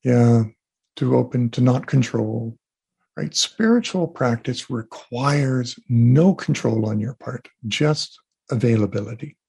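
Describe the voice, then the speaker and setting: A man being interviewed as an energy healer, telling animated stories and acting out what people said. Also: medium pitch, takes it slowly, gravelly, breathy edge. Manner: animated storyteller, acts out quotes. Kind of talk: casual interview talk.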